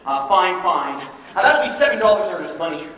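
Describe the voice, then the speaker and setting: A man playing a smooth-talking traveling salesman posing as a professor, with fast, flattering patter in a stage musical. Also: high voice, full character voice. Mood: glib. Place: theater stage. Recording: echoey hall, miked from far off with music.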